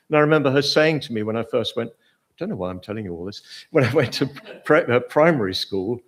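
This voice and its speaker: A man's voice: mid-range voice, expressive, brisk. An older man with a posh English accent giving an informal Buddhist talk, hesitant, with many fillers and restarts. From Britain. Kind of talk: informal lecture.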